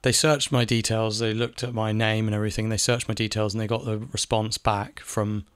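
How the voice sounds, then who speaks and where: A man with a lowish voice delivers a casual spoken rant, circling back on his points and swearing when he gets heated. The sound is dry and close, with no room around it. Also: little pitch movement, fairly quick, smooth, no echo. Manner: ranting, repeats phrases, swears. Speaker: video essayist. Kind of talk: casual monologue. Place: home in Spain.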